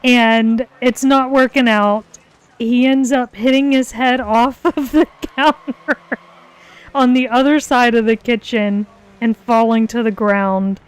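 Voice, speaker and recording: A woman's voice: a little high, steady tone, takes it slowly, clean tone. A young woman casually telling a story on a live stream, laughing often as she talks. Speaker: co-host of art and gaming stream.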